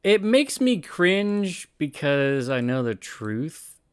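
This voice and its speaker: Slow-talking, smooth-voiced male streamer. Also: a little high, very animated. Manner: rambling, self-correcting, laughs often. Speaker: streamer reacting to anime and chat. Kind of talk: casual live-stream commentary.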